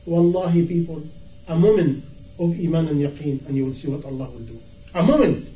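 Male preacher, high voice, mellow tone, impassioned rhetorical questions, distant mic in echoey room. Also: fairly quick. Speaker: Islamic preacher. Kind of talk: sermon. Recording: echoey room, from far off, faint noise.

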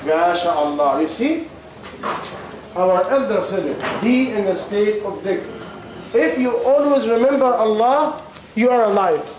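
Male teacher, high pitch, repeats questions in broken English, voice going; distant mic in a noisy, echoing room. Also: expressive, unhurried. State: losing his voice. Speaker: religious teacher. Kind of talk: question-and-answer class talk. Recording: very echoey room, far from the mic, ambient noise.

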